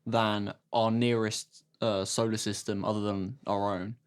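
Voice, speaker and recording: A man's voice: on the low side, little pitch movement, measured pace. A man co-hosting a podcast in casual chat, explaining ideas thoughtfully, step by step. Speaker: podcast co-host.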